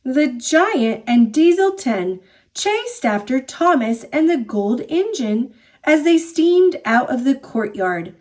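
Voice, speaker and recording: A woman reading a children's picture book aloud, with expressive, drawn-out storybook narration. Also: high-pitched.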